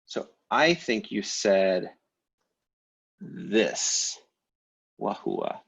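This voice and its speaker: A man teaching a language class over a video call, explaining grammar in a relaxed way with many fillers and restarts. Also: fairly low pitch, a little slow, husky. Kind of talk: online class lecture.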